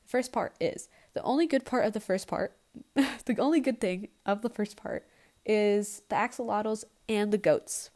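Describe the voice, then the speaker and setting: A woman's voice: mid-range voice, moderate pace, darkish tone. Foul-mouthed young woman rambling on a podcast. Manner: rambling, profane and blunt. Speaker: podcast host. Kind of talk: casual solo podcast chat. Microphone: no proper microphone.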